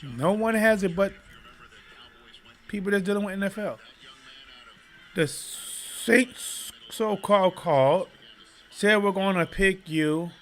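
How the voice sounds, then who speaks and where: A man's voice: sits high, slow, long pauses, fairly bright tone. A man hosting a live sports commentary stream, talking straight to his viewers in a heated, impassioned way. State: choking up. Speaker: sports commentary channel host.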